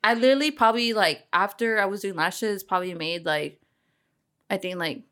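Young woman host, bright forceful voice, blunt swearing, quick laughs. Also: medium pitch. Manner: candid, swears freely, laughs often. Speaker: podcast host. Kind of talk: casual chat.

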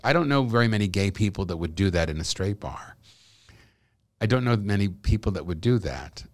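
A man's voice: lowish voice, brisk, no echo, studio quality. A middle-aged man, an actor, telling stories animatedly in a casual conversation. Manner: animated, expressive storyteller with laughs. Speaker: actor guest.

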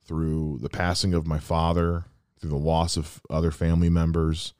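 This thirties-aged podcast host has a rumbling low voice, level in tone and moderate in pace, a little mellow, clear and resonant, captured in a dry recording. Alone at the mic, he reflects earnestly on someone dear to him, dropping in quoted asides.

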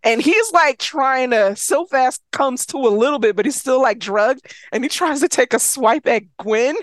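A woman recaps a novel's plot casually and animatedly, swearing freely and jumping into quick character voices. Her voice is high-pitched, recorded at studio quality without echo.

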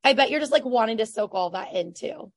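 A woman in her thirties hosting a casual podcast interview, chatty and effusive, with lots of fillers and quick bursts of speech. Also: on the high side, expressive, no room sound. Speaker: podcast host and business coach.

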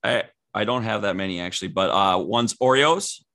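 A man's voice: lowish voice, moderate pace, pushed and bright. A young man co-hosting a podcast, chatting casually and giving blunt, rambling opinions. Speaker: podcast co-host. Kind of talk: casual chat.

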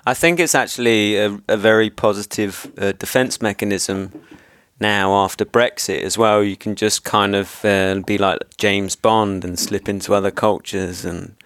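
A man's voice: on the low side, fairly even intonation, normal speed, a bit bright, no room sound. An English man hosting a casual podcast chat, rambling and chummy, often laughing as he talks. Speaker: podcast host.

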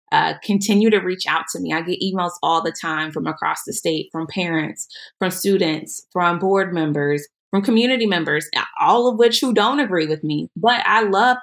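Low-voiced woman, measured and emphatic. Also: fairly bright tone. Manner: measured, emphatic, repeats words for stress. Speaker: podcast guest, education leader. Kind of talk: earnest interview answers.

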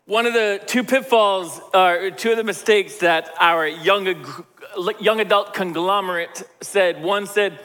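A middle-aged male pastor preaching in a large church hall, his voice pitched high and bright, with a long reverb trailing his words. He talks casually and jokes, slipping into the voices of people he quotes. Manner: conversational and joking, acts out quoted voices. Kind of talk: sermon.

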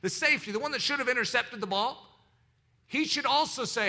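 A man's voice: very high voice, brisk, bright, forceful tone. A man preaching a sermon as pastor, teaching in an emphatic, preacherly way.

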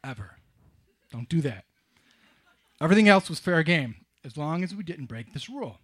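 A man's voice: a little high, lively intonation, normal speed, fairly bright tone, slightly rough. Wry, self-mocking man telling a story. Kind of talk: live storytelling.

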